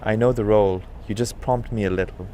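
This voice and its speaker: A touchy grown man rushing through his gatekeeper part, as a man puts him on. He talks hastily and defensively, in a low voice with faint noise behind. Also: fairly even intonation, dark tone, close to an everyday voice. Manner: hasty, defensive.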